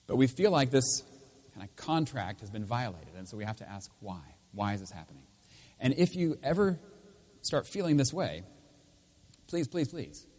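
A man preaching a sermon as pastor in a church, swinging between loud emphatic lines and quiet intense ones. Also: mid-range voice, husky. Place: church with speakers.

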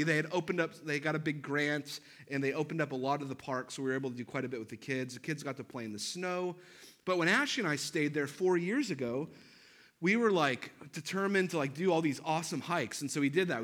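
Male pastor, sermon storytelling, self-deprecating, bright forward tone, slightly high voice. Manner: animated, self-deprecating humor.

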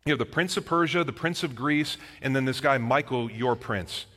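A man's voice: mid-range voice, moderate pace, fairly bright tone. A man preaching a sermon, earnestly explaining scripture and asking his listeners direct questions. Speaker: pastor. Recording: long hall reverb.

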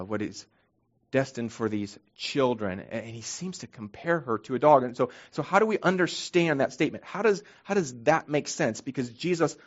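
A man's voice: mid-range voice, highs cut off. A man preaching a sermon as pastor, earnest and emphatic, often restarting his phrases as he explains scripture.

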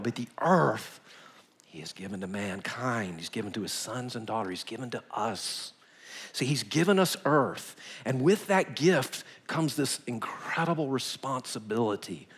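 A male pastor, preaching a sermon full of lively stories and acted-out quotes. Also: mid-range voice. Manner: animated, emphatic, acts out quotes in a whisper or shout. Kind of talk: storytelling sermon.

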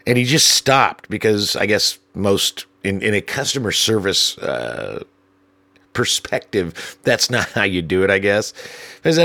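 Animated male storyteller, dry sound. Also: normal speed, vocal fry, no room sound. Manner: animated, acts out dialogue with raised pitch, profane. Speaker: hotel manager telling work stories. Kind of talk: casual storytelling.

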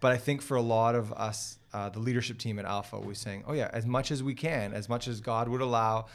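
A man's voice: mid-range voice, a little fast. A man, a ministry leader talking earnestly in a casual faith conversation, with many restarts. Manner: earnest, rambling with restarts, animated storytelling.

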